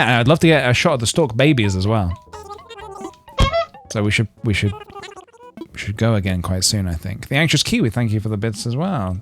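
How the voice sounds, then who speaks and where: A man in the middle of a casual game stream, jokey and rambling as he chats with viewers. His pitch rises and falls a lot. Faint music plays underneath his voice. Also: a bit bright. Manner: playful, jokey, rambling with frequent laughs and fillers. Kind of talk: casual gameplay livestream chat.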